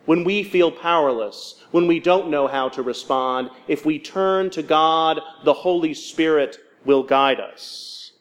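Male preacher, slightly high voice, slow and deliberate sermon delivery with pauses. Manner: measured, with dramatic pauses and voiced quotes of the disciples.

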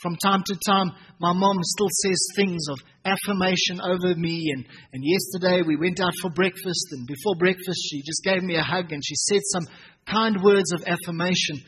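A man in his thirties, a pastor preaching a sermon and telling family stories with lively, acted-out dialogue. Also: high voice, normal speed, breathy edge, poor audio. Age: 30s. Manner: animated storytelling, acting out family dialogue.

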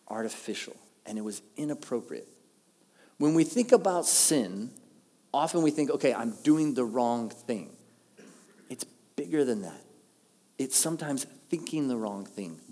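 A man preaching a sermon, telling the story with animated delivery and acting out the quoted lines. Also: medium pitch. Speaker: pastor. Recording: long hall reverb.

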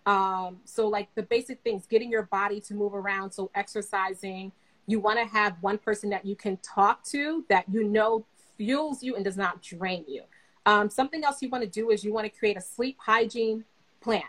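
A young adult woman guest speaking as a therapist, giving advice in a relaxed, conversational way with many fillers. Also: mid-range voice, moderate pace, poor audio. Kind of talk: casual advice chat.

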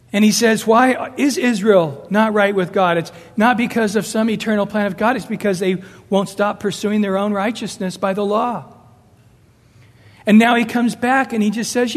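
Emphatic high-voiced male preacher. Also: big-room sound. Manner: emphatic, rising and falling, acts out quoted voices. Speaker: pastor. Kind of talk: sermon.

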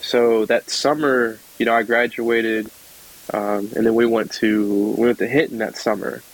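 A young man from the American South, a podcast guest telling a story in a relaxed chatty way and laughing often. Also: fairly low pitch, measured pace, low-quality recording. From South Georgia, United States. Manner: chatty, laughs often, acts out voices in his stories. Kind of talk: casual storytelling.

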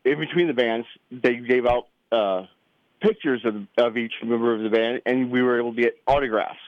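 A middle-aged father telling a family story in a casual, animated way, acting out the voices he quotes. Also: medium pitch, moderate pace, no room sound, phone-quality sound. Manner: animated, acts out quoted voices, many restarts.

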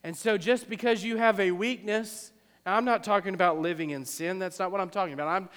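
High-voiced preaching man in a hall. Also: brisk. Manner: impassioned, repetitive preaching that swings from hushed to loud. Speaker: pastor. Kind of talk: sermon.

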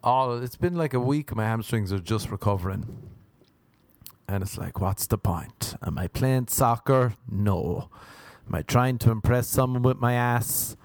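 A man's voice: mid-range voice, lively intonation, measured pace, darkish tone. A man hosting a solo podcast, rambling and swearing cheerfully and mocking himself, with bursts of nonsense sing-song. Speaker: podcast host. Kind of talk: casual solo podcast monologue.

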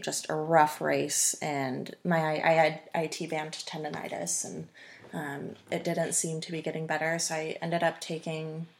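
A woman in her twenties with a low, creaky voice is a guest on a podcast, where she talks about running. She chats casually in an interview and rambles, with plenty of ums and restarts.

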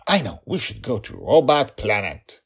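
A goofy storybook dad, absent-minded and teasing, is voiced a notch higher and brighter than the narrator's own tone. A man puts him on while reading. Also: big pitch swings, normal speed, creaky, husky, heavily acted. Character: goofy forgetful father, teasing.

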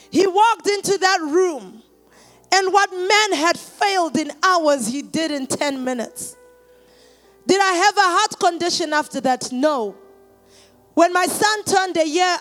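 Her voice very high, a woman who seems to be in her thirties preaches a sermon that starts with hushed personal testimony and builds to shouted appeals to the congregation.

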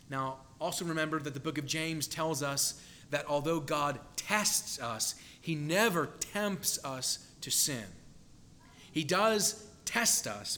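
A man's voice: a little high, pushed and bright. A man preaching a sermon in an earnest, emphatic way, building dramatic tension when he quotes scripture.

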